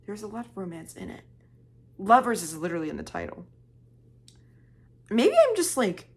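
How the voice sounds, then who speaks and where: A young woman talking casually in a book vlog, rambling off on tangents, joking at her own expense and sometimes dropping into a whisper for emphasis. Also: medium pitch. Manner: chatty, rambling, self-deprecating, drops into whispers for emphasis. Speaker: book vlogger.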